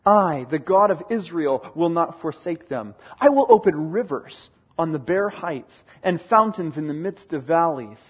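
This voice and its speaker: A man preaching a sermon, reading scripture aloud with dramatic swings between booming declarations and hushed lines. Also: animated, measured pace, hardly any pauses, slightly rough, dull audio.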